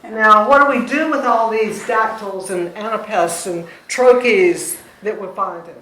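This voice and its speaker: Woman, poetry teacher, unhurried and chatty, recorded far off in a very echoey church room. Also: medium pitch, fairly bright tone. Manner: chatty, laughs often, sounds out rhythms. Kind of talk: informal classroom teaching. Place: church classroom. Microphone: distant room mic.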